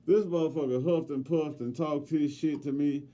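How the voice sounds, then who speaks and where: A middle-aged podcast co-host with a fairly high voice tells a story at normal speed in casual conversation. His language is heavily profane, and he swings loud and lively whenever he quotes himself.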